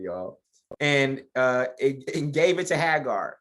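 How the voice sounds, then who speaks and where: Man, Bible study teacher, conversational, joking, reads scripture aloud, medium pitch. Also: normal speed. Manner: joking, conversational, addresses listeners as y'all; reads verses aloud then comments.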